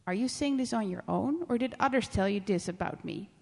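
A woman voicing a calm, steady man on trial in a scripture reading, speaking in a measured way. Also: medium pitch, gravelly, in a large hall.

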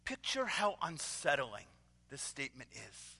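Brief: male pastor, sermon storytelling, bright tone, long hall reverb. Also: high-pitched. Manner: storytelling, with acted voices and dramatic pauses.

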